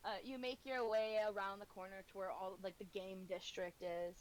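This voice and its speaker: A woman's voice: mid-range voice, normal speed, a little hiss or hum, low-quality recording. A woman narrating a tabletop game as game master, hesitant and giggly with many fillers.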